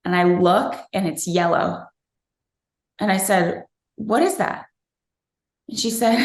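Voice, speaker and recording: A woman's voice: mid-range voice, slow pace, pauses often. A woman in her thirties, interviewed, earnestly and reflectively telling a personal story from her own family life. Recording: roomy echo.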